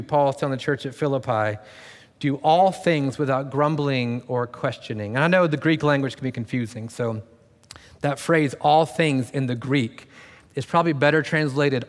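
A pastor giving a conversational sermon, joking and sarcastic now and then, as he speaks to his congregation in a church. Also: mid-range voice. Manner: conversational and self-deprecating, with sarcastic asides. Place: church sanctuary. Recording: long reverb of a large room.

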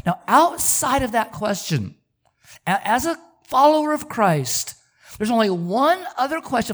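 Animated male preacher telling stories. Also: extremely high pitch. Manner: storytelling, repeats words, animated. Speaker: pastor. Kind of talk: sermon.

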